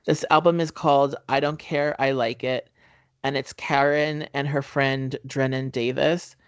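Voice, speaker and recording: A man's voice: medium pitch, level tone, unhurried, smooth, no room sound, muffled recording. Rambling man on a podcast, dry sound. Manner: rambling, heavy on "um" fillers. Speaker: podcast co-host. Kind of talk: casual movie-review chat.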